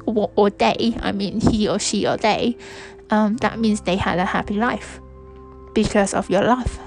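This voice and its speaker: A woman's voice: mid-range voice, fairly even intonation, a little slow, creaky, soft background music, low-quality recording. A young woman from Hong Kong hosting a podcast, talking in a hesitant, reflective monologue full of restarts. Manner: soft-spoken, hesitant, with frequent restarts and fillers. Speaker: podcast host.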